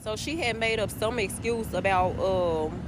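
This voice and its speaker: Woman telling a crazy story casual and loud-mouthed, lots of "y'all", street noise behind. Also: medium pitch, unhurried. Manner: animated, profane, addresses listeners as y'all. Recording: noisy background with passing cars.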